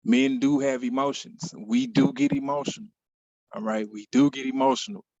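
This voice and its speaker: A man's voice: mid-range voice, fairly even intonation, normal speed, darkish tone, no room sound, highs cut off. A man giving a conversational motivational talk to an online audience, often repeating phrases and checking in with "right?".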